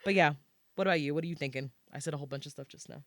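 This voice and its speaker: A woman co-hosting a podcast in casual chat, telling stories with lively swings and swearing freely. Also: low voice, rapid-fire, no echo. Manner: animated storytelling, swearing, drops into quiet asides. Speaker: podcast co-host.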